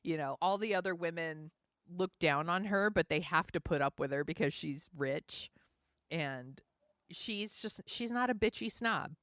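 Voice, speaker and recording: Lowish woman podcast host, wry teasing jokes, dry close sound. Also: measured pace, a bit bright, no echo. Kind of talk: casual movie chat.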